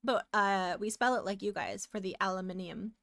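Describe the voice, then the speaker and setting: A woman's voice: medium pitch, normal speed, a bit bright, no room sound, studio quality. An American woman streaming live, chatting casually and giggling while she works. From United States. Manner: chatty and giggly, hums and sings along.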